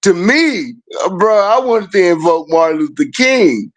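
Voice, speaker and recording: A man's voice: high voice, big pitch swings, a little slow. A man hosting a casual chat, telling stories animatedly and laughing often.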